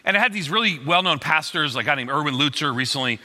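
A middle-aged pastor delivers a sermon in a large hall, talking fast in a bright, cutting voice with a high, lively pitch. He tells stories with animated, acted-out quotes, and a long reverb trails after each phrase.

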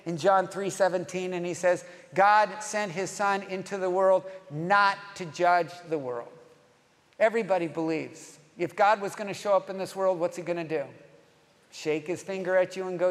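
High-voiced male pastor preaching in a reverberant hall. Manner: emphatic, leads congregation in call-and-response. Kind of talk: sermon.

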